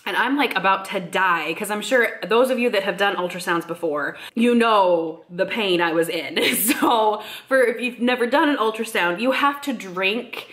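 A woman's voice: mid-range voice, normal speed, few pauses, fairly bright tone. Young pregnant woman, vlogger, talkative and giggly, mid-range voice. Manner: chatty, laughs often, many "like" fillers. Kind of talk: casual vlog chat.

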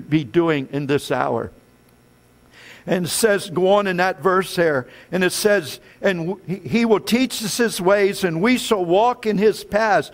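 Preaching man with a high voice. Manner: preaching with swells and drops in pitch and loudness. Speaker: pastor. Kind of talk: sermon. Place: church sanctuary.

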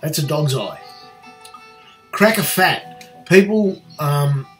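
A man's voice: on the high side, expressive, slow pace, soft background music. A middle-aged Australian man in a cheeky, jokey casual vlog, swearing lightly as he chats. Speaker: vlogger.

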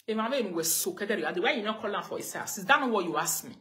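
A woman's voice: medium pitch, animated, fast, fairly bright tone. A woman with a Nigerian accent, ranting on a live video and scolding someone with the same pointed questions again and again. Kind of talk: confrontational live rant.

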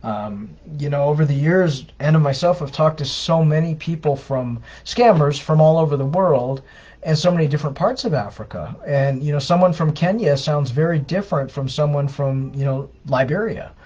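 A man's voice: fairly high pitch, expressive, normal speed, warm tone, husky. A man co-hosting a live question-and-answer stream, giving advice in a casual, conversational way with frequent fillers and restarts. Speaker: co-host answering viewer questions. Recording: dull lo-fi livestream audio.

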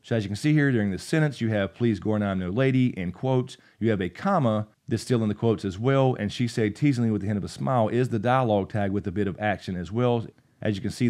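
A man's voice: lowish voice, a little mellow. Upbeat man hosting a writing lesson. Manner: casual and upbeat, reads example passages aloud. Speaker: writing channel host. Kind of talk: instructional video talk.

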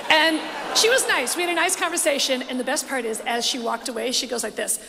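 A woman performing stand-up in a large theater, her high voice carrying a gravelly edge. She tells gossipy stories with relish and slips into mocking impressions. The live recording has a long hall echo and a loud crowd behind her. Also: expressive, quick pace, noisy background. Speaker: stand-up comedian. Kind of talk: stand-up comedy set. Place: large theater stage before a live audience.

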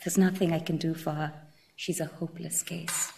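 A woman's voice: deep voice, level tone, normal speed, vocal fry, mellow, a little hiss or hum, pitched below the performer's own voice. A woman reading a book passage aloud, voicing a vigorous, boastful man who lectures in local slang. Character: boastful male bar patron, leering and chatty.

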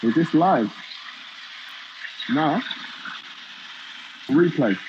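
A man's voice: on the high side, lively intonation, drawn-out words, background noise. A young man, bantering casually on a live stream, slangy and repetitive with sing-song asides. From Britain. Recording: dull lo-fi stream audio.

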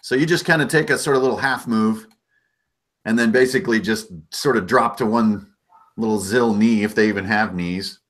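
A man's voice: lowish voice, normal speed, a bit bright. A man narrating as game master in an easygoing, conversational way, often hedging with "sort of" and "kind of".

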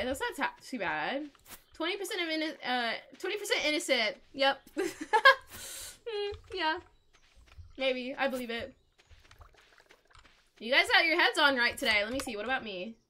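A woman's voice: high-pitched, big pitch swings, moderate pace, pauses often, pushed and bright. A young woman streaming a game, chatting to viewers in a giggly, rambling way and telling stories. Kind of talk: casual live-stream chat while gaming.

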